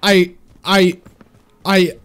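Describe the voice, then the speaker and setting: A man giving raging gameplay commentary as a gaming YouTuber, in whiny, yelling rants that often mock himself. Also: high-pitched, level tone, very slow.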